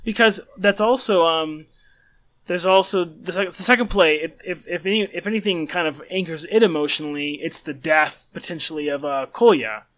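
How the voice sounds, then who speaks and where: Bright-voiced man, eager and searching. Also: on the high side, moderate pace. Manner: enthusiastic, searching for words with many restarts. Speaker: podcast co-host. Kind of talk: casual book discussion.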